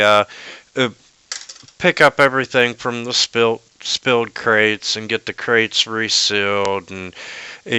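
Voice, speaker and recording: Slow, crisp-voiced male game master. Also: on the low side, pushed and bright, no room sound, rough recording. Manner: hesitant, many fillers. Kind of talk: narrating a tabletop game over voice chat.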